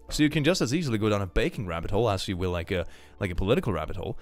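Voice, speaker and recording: A young man chatting casually on a livestream, reading viewer messages aloud, animated, laughing often and repeating phrases. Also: fairly low pitch, very fast, few pauses, no room sound. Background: faint background music.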